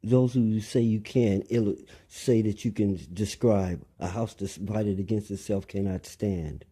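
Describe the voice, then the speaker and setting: Slow, dark-voiced man lecturing. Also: fairly low pitch, steady tone, slightly rough. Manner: lecturing, repeats phrases and questions the listener. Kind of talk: rambling monologue.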